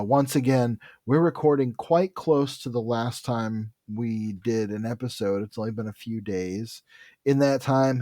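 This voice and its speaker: A podcast co-host in his forties with a dry, wry sense of humor, chatting casually and trailing off softly. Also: medium pitch, dry recording. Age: 40s. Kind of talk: casual chat.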